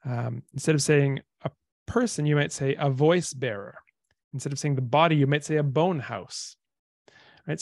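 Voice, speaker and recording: Male lecturer, informal, slightly high voice, dry mic. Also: dry recording. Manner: chatty, thinks aloud with fillers and restarts. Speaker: lecturer on dead languages. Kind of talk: online talk with slides.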